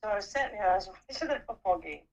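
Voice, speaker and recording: Animated middle-aged woman telling stories. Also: medium pitch, racing, vocal fry, muffled recording. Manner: animated storyteller who swears freely. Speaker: aunt. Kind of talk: casual family chat.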